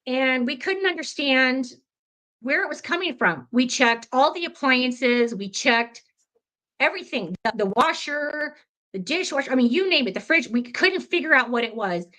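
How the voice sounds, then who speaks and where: A woman guest telling a ghost story in an interview, animated and chatty, with many fillers. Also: high voice, moderate pace.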